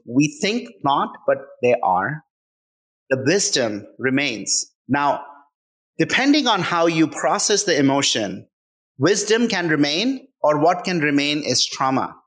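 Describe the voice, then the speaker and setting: A man's voice: a little high, a bit bright. A man speaking as a guest author in a conversational interview, earnest and emphatic, often checking in with "right?".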